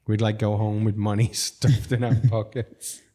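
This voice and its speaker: Mellow-voiced man telling stories, laughing. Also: lowish voice, normal speed. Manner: laughs through lively anecdotes. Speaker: restaurateur podcast guest. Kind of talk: casual storytelling.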